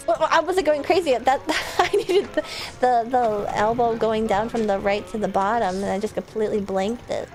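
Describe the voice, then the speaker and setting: A woman chatting casually while she streams a game, excitable, laughing and swearing freely. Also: a little high, normal speed, faint music behind. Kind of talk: casual live-stream gameplay chat.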